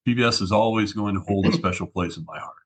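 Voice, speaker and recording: A man's voice: on the low side, quick pace, a bit bright. A man, a regular guest on a tech podcast, chatting and reminiscing with many fillers. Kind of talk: casual podcast chat.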